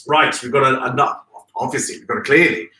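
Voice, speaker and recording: A man's voice: medium pitch, fairly quick, sharp tone. Effusive chatty man in echoey room. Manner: chatty, effusive, greets viewers by name. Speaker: host of a live florist show. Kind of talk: live-stream chat. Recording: echoey room, distant from mic.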